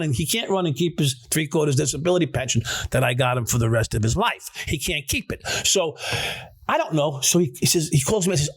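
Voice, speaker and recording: A man hosting a podcast, telling a story in a casual, animated way that is full of swearing and stammered restarts. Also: mid-range voice, quick pace, vocal fry, husky.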